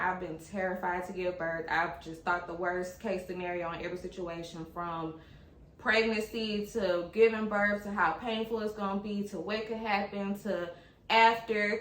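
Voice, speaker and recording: A woman's voice: medium pitch, a bit bright, reverberant, poor audio. A young woman telling her own story in a candid, chatty way, talking straight to her viewers. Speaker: vlogger sharing her birth story. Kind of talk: casual personal storytelling to camera.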